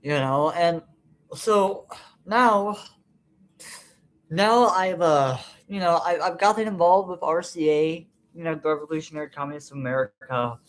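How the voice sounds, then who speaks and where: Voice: mid-range voice, measured pace. A vlogger in an unscripted personal monologue, venting in a frustrated, bitter way and swearing a lot, rambling with many fillers.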